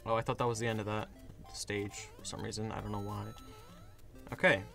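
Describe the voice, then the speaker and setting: A hoarse young man giving casual commentary while playing a game, getting frustrated and yelling at it. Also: lowish voice, little pitch movement, fairly quick, faint music behind. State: hoarse, voice worn out. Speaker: gaming video creator.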